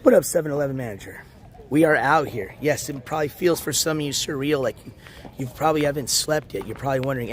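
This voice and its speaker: A man with a raspy, worn-out voice talks into his phone on a morning walk outdoors, rambling casually and greeting viewers in chat. His voice sits at an ordinary middle pitch, and a faint outdoor hiss runs behind him. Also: quick pace. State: hoarse, losing his voice. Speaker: IRL livestreamer. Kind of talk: casual live-stream chat.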